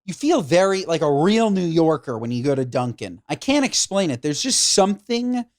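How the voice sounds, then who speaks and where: A man co-hosting a podcast in casual chat, talking with animated enthusiasm. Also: a little high, normal speed, no echo, clean studio sound. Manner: animated, enthusiastic about food. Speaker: podcast co-host.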